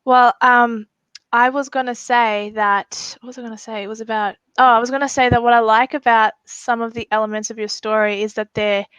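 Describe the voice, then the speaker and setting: A woman's voice: a little high, fairly even intonation, brisk, fairly bright tone, clean tone, no room sound, low-quality recording. A woman interviewing a guest, offering short sympathetic replies and questions. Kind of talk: conversational interview.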